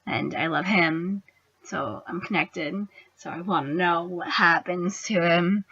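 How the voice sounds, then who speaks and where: Young woman, casual fan-review host, gushing and excitable; dry, slightly muffled home recording. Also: on the low side, dry recording. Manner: gushing, excitable, drops into whispers. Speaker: booktuber reviewing a TV episode. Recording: dry, dull lo-fi sound.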